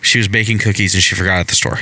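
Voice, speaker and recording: Man, podcast co-host, casual anecdotes, laughs often, bright forceful voice, dry sound. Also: low voice, level tone, rapid-fire, no room sound. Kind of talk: casual chat.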